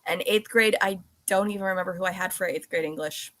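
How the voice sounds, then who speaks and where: A woman hosting a podcast in casual chat, talking in quick asides and reading out listener comments. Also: fairly low pitch, a bit bright. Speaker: podcast host.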